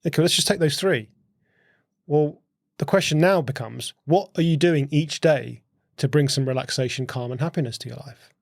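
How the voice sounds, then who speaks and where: A man talks on a podcast in a gravelly, creaky voice and works through his points with rhetorical questions. He often repeats words as he thinks. The sound is dry and close, with no room echo. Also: a little high, moderate pace. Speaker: podcast guest, host's husband. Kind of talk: casual conversational explaining.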